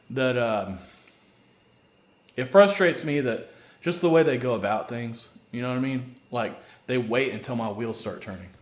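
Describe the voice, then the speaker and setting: A man delivering a rambling, angry, profane solo rant, now and then building to loud shouting. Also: medium pitch. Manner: angry, profane, repeats a stock filler question. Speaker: vlogger. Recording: echoey room.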